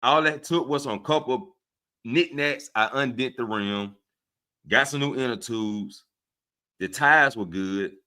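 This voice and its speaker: This livestream host, a man with a Southern US accent, chats casually with viewers in an animated, preachy manner and keeps asking them "right?" His voice is medium in pitch and his pace is slow.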